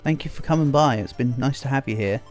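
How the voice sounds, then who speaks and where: A man's voice: mid-range voice, quick pace. An English man chatting casually to his viewers while playing a game on a live stream, humming and scatting along between remarks. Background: faint game music.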